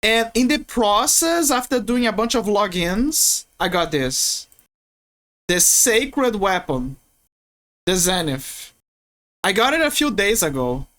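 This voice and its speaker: Playful and rambling, a Brazilian game streamer keeps restarting her sentences as she chats casually with viewers. She speaks slowly in a sing-song, mid-range voice with a fairly bright tone.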